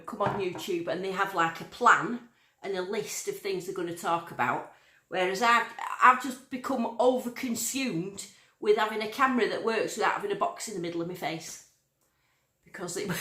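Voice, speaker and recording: A woman's voice: mid-range voice, fairly bright tone. Chatty woman in an echoey room. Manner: chatty and bubbly, greeting viewers one by one. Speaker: livestream host. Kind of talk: casual live chat reading out viewer names.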